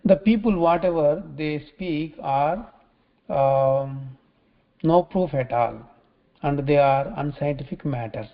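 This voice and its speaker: A man teaching scripture in a religious talk, halting often and repeating phrases as he restarts. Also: a little high. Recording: dull lo-fi recording.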